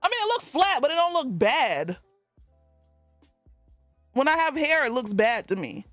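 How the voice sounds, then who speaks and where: A woman on a live stream reads her chat aloud and answers it in a loose, casual way, laughing often. Her voice rises and falls a lot, and she talks at a slow, easy pace. The sound is dry and close, with faint music behind her. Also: high voice, sing-song, a bit bright, no echo.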